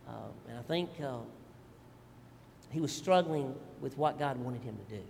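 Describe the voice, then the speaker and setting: A middle-aged male pastor, telling family stories in an animated, folksy sermon with asides to the congregation. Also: medium pitch, unhurried, creaky, long reverb tail, slight background noise. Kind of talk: storytelling sermon.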